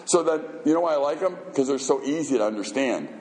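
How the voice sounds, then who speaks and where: A man's voice: a little high, lively intonation, quick pace, a little mellow. A man preaching a sermon as a pastor, emphatic and conversational, firing off rhetorical questions. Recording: echoey hall reverb.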